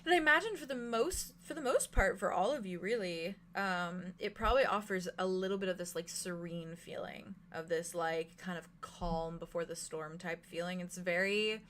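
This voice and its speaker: A woman's voice: lowish voice, normal speed, hardly any pauses, fairly bright tone, slight background noise. A woman narrating a tabletop role-playing game as game master, chatty and giggly with many fillers.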